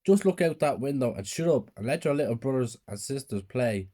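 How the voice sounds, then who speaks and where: A gruff, short-tempered father barks orders at his son, as the narrator voices him. The voice is loud and raised but keeps a mellow, dark warmth underneath. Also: mid-range voice, lively intonation, fairly quick, close to an everyday voice. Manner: shouting, gruff.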